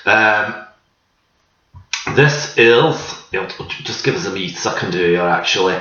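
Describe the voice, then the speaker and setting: A man's voice: on the low side, unhurried, pushed and bright, roomy sound, recorded from a distance, lo-fi sound. A man hosting a pub quiz in a loose, chatty way, wandering off track and correcting himself as he goes. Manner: chatty, meandering, self-correcting. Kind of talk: casual rambling quiz hosting.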